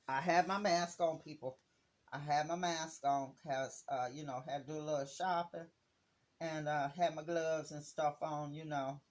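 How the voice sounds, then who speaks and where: Slow-talking chatty Detroit woman. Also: low voice, a little mellow. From Detroit, USA. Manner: slow, chatty storytelling with Southern-style slang. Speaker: vlogger. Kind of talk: casual chatty craft video.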